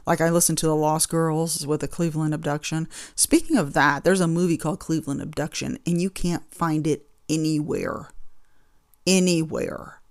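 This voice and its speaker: Woman podcast host, fry in the voice, dry close sound; rambling, chatty, easily exasperated. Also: low voice, fairly even intonation, normal speed, no room sound. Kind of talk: casual chat.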